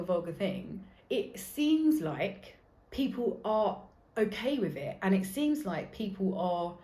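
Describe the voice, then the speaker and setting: A woman's voice: low-pitched, darkish tone, echoey room. A woman of about forty hosting her own podcast, talking bluntly and casually, swearing freely and drifting off on tangents. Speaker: podcast host. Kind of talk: casual solo podcast chat. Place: seated in a room recording a podcast.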